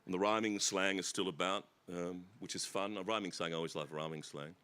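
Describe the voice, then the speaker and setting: Rambling, joking Australian man with a bright voice. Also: low-pitched, fairly even intonation, fairly quick, clear, resonant tone. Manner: self-deprecating, laughs at his own stories, wanders off on tangents. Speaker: author. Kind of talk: rambling anecdotal stage conversation. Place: festival stage before an audience.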